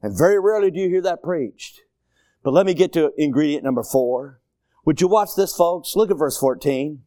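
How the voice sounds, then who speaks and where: A man preaching a sermon as a visiting preacher. He swings between low, quiet asides and loud, high, shouted exhortation, with repetitive, rousing phrases. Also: expressive, moderate pace, no room sound, clean studio sound. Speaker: guest preacher.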